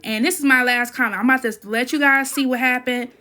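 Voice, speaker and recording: This gaming channel host, a woman, talks quickly in a sharp tone with fairly even intonation, addressing viewers directly as "y'all" in a rambling gameplay voice-over. She notes that she generally talks low, and the clip was captured on an iPad.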